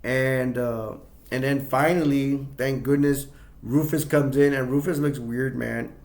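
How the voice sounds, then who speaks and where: Male film reviewer, gravelly, unscripted rambling recap. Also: mid-range voice, fairly even intonation, measured pace, a little mellow. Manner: rambling, with many restarts and quoted imitations. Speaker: movie reviewer.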